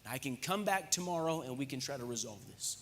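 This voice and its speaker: A man preaching a sermon on marriage, lively and conversational, with frequent jokes and asides. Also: medium pitch, brisk. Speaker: pastor. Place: church hall. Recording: echoey church hall reverb.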